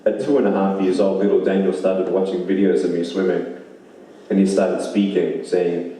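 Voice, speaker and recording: A man's voice: sits low, fairly even intonation, normal speed, mellow. A man giving an inspirational speech, emphatic, repeating lines for effect. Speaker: motivational speaker. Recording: very echoey hall, mic far off.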